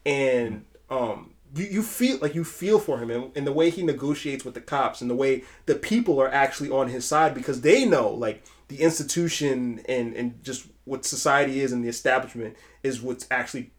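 A young man co-hosting a podcast in casual chat, animated and profane, with stretches where he acts out lines himself. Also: medium pitch, moderate pace, few pauses. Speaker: podcast co-host.

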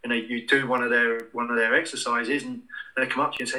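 A man's voice: mid-range voice, little pitch movement, fast, bright, forceful tone, poor audio. A man, telling a long anecdote in an interview in a rambling, casual way with many restarts. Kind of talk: casual storytelling.

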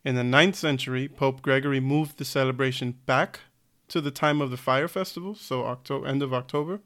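A man's voice: medium pitch, steady tone, fairly quick, fairly bright tone. A man co-hosting a casual podcast chat, reading facts aloud with fillers and self-corrections. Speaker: podcast co-host.

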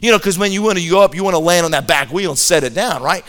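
A man telling a comic story to an audience in an animated way, often repeating a word as he starts a sentence. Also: high voice, fast talker.

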